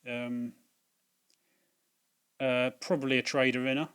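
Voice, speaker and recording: Speaking unhurriedly and flatly, this video host has a mid-range voice that's fairly bright, clear and resonant. He chats and rambles through a casual unboxing of his purchases, full of fillers. It's captured at dusk in a home room using a laptop's built-in microphone.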